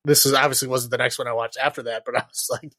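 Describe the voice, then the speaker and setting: Talking over a movie on a podcast he co-hosts, this man rambles casually, full of fillers and laughing while he critiques. His mid-range voice is steady, pushed and bright, delivered rapid-fire in a dry recording.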